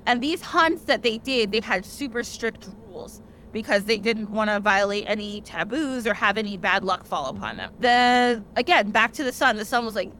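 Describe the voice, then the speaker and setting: A young woman hosting a podcast, casually retelling an old tale in a chatty, animated way with lots of "like" fillers. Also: medium pitch, moderate pace, a little hiss or hum. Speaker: podcast host. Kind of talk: casual storytelling.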